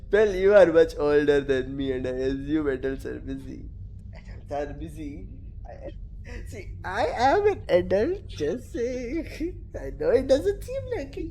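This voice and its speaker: Young guy streamer, high voice that jumps all over, teasing chat. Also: unhurried. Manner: animated, teasing, laughing. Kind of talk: casual gaming stream chat.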